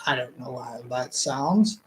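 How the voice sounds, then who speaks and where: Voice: medium pitch, animated, a little slow, a little hiss or hum. A reader reading a fantasy book aloud casually, stumbling, laughing at slips and drifting into rambling asides. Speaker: audiobook reader.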